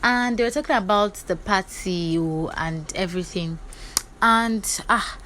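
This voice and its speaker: A woman, casually recapping reality-show gossip in a chatty, animated way. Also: medium pitch, a little hiss or hum, low-quality recording. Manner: chatty and animated, quick asides.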